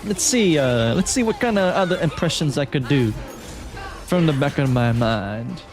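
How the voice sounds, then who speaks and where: Brief: man from Malaysia, casual game-stream chat, slightly high voice, faint music behind. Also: moderate pace. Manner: relaxed, chatty, reads and answers chat.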